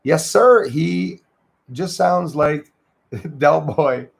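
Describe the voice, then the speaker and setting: Man, livestream host, gravelly creaky voice, rambling friendly chat. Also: on the high side, drawn-out words. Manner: rambling, friendly, greets viewers by name. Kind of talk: casual chat reading out viewer comments.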